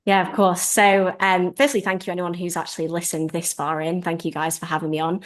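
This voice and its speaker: A woman talking as a guest on a podcast, her voice sitting somewhat low. She speaks casually and chattily, leaning on fillers like "like" and "um" as she goes. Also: little pitch movement, a little fast, hardly any pauses. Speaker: podcast guest, bodybuilding coach. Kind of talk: casual interview chat.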